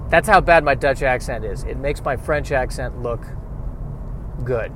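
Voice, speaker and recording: A man's voice: mid-range voice, a little slow, fairly bright tone, slight background noise. An American man in a car, rambling in casual chat with joking, self-mocking digressions. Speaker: vlogger.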